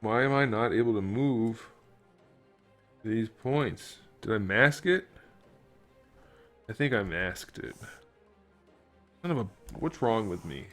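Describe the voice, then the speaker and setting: Man, low voice, casual live-stream chat, mutters to himself, joking asides, faint music behind. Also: animated, takes it slowly, long pauses, a bit bright. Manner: muttering to himself, thinking aloud. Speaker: action figure maker streaming his work.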